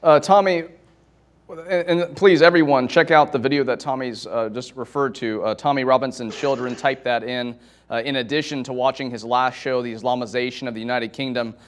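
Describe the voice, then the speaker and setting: A man hosting an interview, asking long, halting questions with stammered restarts. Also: mid-range voice, fairly even intonation. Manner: halting, stammering, loose phrasing. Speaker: interview host.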